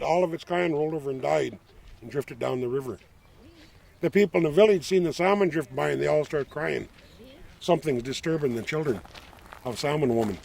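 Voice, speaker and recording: An older tribal elder tells a traditional legend outdoors by the shore, his words unhurried and plain. His voice sits slightly high for a man and carries a rough, gravelly texture. He speaks as a storyteller from the Lummi Nation. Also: a little mellow. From Lummi Nation, Pacific Northwest. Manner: unhurried, plain-spoken folk telling. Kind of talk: oral legend telling.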